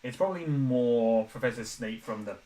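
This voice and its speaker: A man's voice: mid-range voice, animated, moderate pace, warm tone, recorded from a distance, poor audio. Chatty young man with a dry throat. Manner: self-deprecating, chatty, laughs often. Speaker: animator streaming live. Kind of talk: casual live-stream chat. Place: home room, window open.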